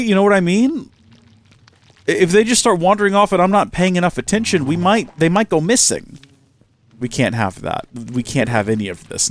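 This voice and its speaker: A man's voice: on the high side, a little hiss or hum. A man talking casually through his gameplay as host, chatty and self-mocking, often talking to the game's animals and to viewers. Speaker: Minecraft let's-play host.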